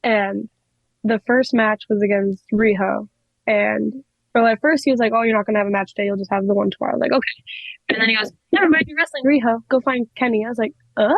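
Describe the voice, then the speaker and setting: A young woman in her twenties, a wrestler telling stories in a casual interview, excitable and giggly with lots of fillers. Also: medium pitch, quick pace, creaky, no echo, lo-fi sound. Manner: excitable, giggly, many likes. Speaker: wrestler, guest.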